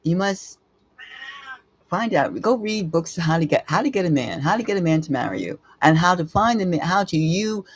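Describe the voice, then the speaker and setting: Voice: mid-range voice, sing-song, normal speed, slightly rough. A tarot reader giving a live reading, with blunt, emphatic advice, casual swearing, and sentences that ramble and restart.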